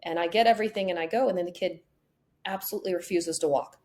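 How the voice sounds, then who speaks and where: A woman hosting a podcast, chatting casually and telling animated stories in which she acts out the people in them. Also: fairly low pitch, fast, slight background noise. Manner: animated storyteller acting out quotes. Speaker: podcast host. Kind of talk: casual conversation, storytelling.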